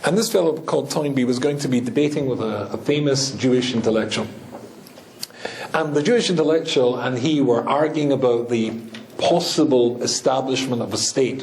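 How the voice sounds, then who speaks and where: A man's voice: medium pitch, a little mellow, a little hiss or hum. A man with a British accent, a rabbi giving a humorous talk to an audience, telling stories and joking with the listeners. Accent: British English. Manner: joking, storytelling, chats with the audience. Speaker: rabbi and speaker. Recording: echoey hall.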